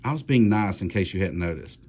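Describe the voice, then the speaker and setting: A man reading a storybook aloud, voicing a calm, persistent young girl who reasons with her brother. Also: sits low, a little fast, breathy edge. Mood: hurt.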